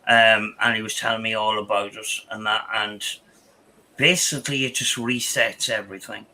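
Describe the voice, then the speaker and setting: A man telling a story on a casual podcast, his voice very bright and forceful. He rambles, restarts his sentences and keeps saying "I says". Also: fairly low pitch, steady tone, moderate pace, low-quality recording. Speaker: podcast host.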